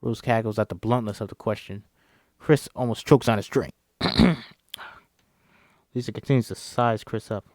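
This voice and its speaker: A script reader works through a screenplay solo at normal speed, performing all the parts himself and occasionally stumbling. His voice is on the low side with a darkish tone, and he pauses often. It's a studio-quality recording with no room sound.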